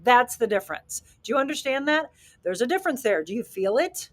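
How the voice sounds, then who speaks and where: A woman hosting a talk radio show as a fitness and life coach, speaking in an emphatic, energetic motivational style and acting out quotes. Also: a little fast. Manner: emphatic, energetic, acts out quotes with rising pitch.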